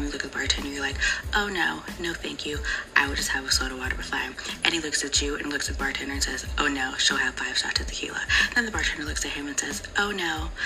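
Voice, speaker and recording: Low gravelly woman, music behind. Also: low-quality recording. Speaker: storyteller. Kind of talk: second-person storytime.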